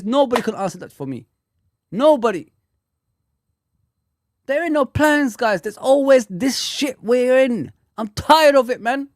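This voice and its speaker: A man's voice: high-pitched, no room sound, studio quality. A man ranting angrily on a live fan stream, swearing often and repeating himself. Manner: angry, sweary, repetitive ranting.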